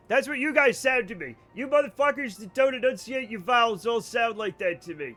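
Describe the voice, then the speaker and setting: High-voiced animated male streamer. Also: brisk, hardly any pauses, soft background music. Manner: animated, answers chat, swears freely, mock-angry rants. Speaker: live streamer playing a space flight game. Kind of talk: casual live-stream commentary.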